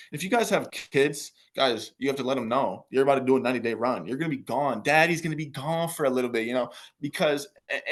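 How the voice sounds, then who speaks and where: A young man giving a casual, motivational coaching talk on a business call, full of fillers and repetition. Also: medium pitch.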